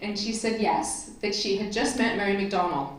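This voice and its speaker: A woman's voice: mid-range voice, normal speed. A woman telling a personal story to a convention audience, chatty and openly emotional, laughing now and then. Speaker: convention speaker. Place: convention hall stage. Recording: echoey hall from far off, crowd.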